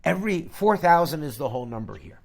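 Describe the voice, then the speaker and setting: A man's voice: a little high, big pitch swings, fast talker, gravelly, a little mellow. A man hosting a live trading stream, lecturing bluntly and emphatically and tagging his points with a questioning "okay?". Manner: blunt and scornful.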